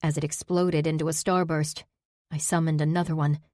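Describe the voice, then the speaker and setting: A woman's voice: sits low, flat delivery, moderate pace, a little mellow, no room sound. A woman narrating a first-person fantasy audiobook with intimate, emotional storytelling on a close studio mic.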